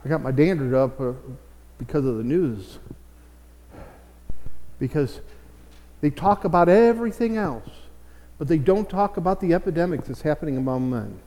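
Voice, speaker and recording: A middle-aged American pastor gives a chatty sermon, rich with folksy anecdotes. His voice sits high for a man, and he stumbles over repeated words as a point gathers steam. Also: expressive, moderate pace, long pauses, dark tone, big-room sound. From United States. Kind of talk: conversational sermon.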